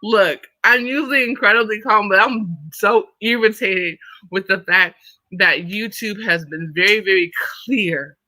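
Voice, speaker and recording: A woman hosting a livestream, ranting in an irritated, profane, confrontational way at a fast and emphatic pace. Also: mid-range voice, pushed and bright, dry recording, low-quality recording. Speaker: livestream host. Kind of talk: livestream commentary rant.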